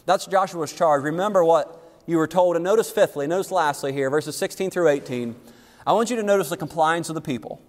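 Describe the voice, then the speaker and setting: High-voiced preaching man in a reverberant hall. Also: brisk. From United States. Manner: emphatic preaching that rises and falls, with folksy asides. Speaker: pastor. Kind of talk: sermon. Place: church sanctuary.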